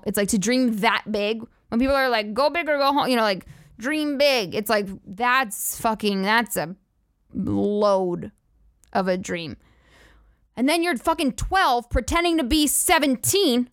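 A young woman hosts a comedy podcast. Her pitch sits a little high, and she rants sarcastically with lots of swearing. Her voice is recorded dry and close with no room echo. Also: moderate pace. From United States. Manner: sarcastic, profane, rambling asides. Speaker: podcast host. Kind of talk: casual comedic rant.

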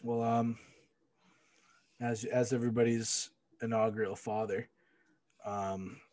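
A man's voice: medium pitch, level tone, darkish tone, dry recording. A young man co-hosting a casual sports podcast, jumping in with jokes. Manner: quick to jump in, joking. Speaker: podcast co-host.

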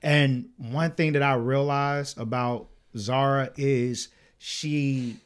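A young man co-hosting a podcast, telling a story in a lively way, acting out quotes and swearing a lot. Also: mid-range voice, takes it slowly, clear, resonant tone. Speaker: podcast co-host. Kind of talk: casual chat.

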